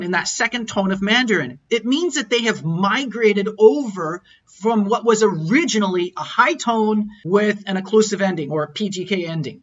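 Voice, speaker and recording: A man's voice: high voice, expressive, moderate pace. A man teaching an online lesson over slides, explaining patiently and sounding out tones as examples. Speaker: language teacher. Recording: dull lo-fi audio.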